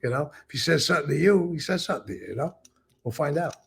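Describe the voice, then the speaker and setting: A man's voice: fairly high pitch, expressive, quick pace, a bit bright, a little hiss or hum. A man telling stories about his past in a casual interview, acting out what others said and swearing often. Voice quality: gravelly, husky voice. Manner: acts out quoted dialogue, repeats words, swears. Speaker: former mobster telling stories.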